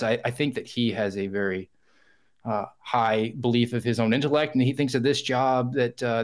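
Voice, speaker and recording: A man filling in as podcast host, talking in a chatty, self-deprecating way with frequent fillers. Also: mid-range voice. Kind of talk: casual podcast monologue.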